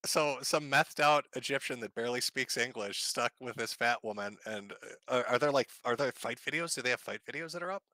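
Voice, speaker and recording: A man's voice: medium pitch, brisk, hardly any pauses, sharp tone, dry recording. A man hosting a casual podcast chat, asking crude questions and laughing often. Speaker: podcast host.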